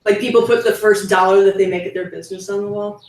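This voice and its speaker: A woman's voice: medium pitch, steady tone, fast, darkish tone. A woman chatting casually on a podcast who tells blunt stories, laughs easily and mimics people with sarcasm. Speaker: podcast co-host. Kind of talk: casual chat. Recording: echoey room, far from the mic.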